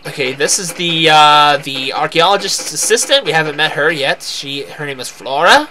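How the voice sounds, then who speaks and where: A man's voice: a little high, lively intonation, normal speed, hardly any pauses, a loud crowd. A tired man rambling through casual commentary on a farming game he is playing. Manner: rambling, self-deprecating, many restarts. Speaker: let's play host. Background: loud game music.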